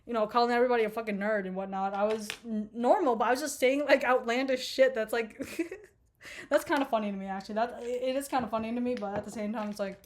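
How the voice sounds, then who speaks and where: Young woman, twenties, quick rambling profane storytime vlogger, a bit high-pitched. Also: fairly even intonation, slight background noise. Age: 20s. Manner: rambling, profane, laughing asides. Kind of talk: casual storytime chat.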